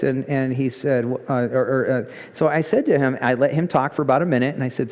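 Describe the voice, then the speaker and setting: Male pastor telling a story from the pulpit, gets animated, echoey church hall. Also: quick pace. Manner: animated storyteller, rising pitch for emphasis. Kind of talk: sermon with storytelling. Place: church sanctuary.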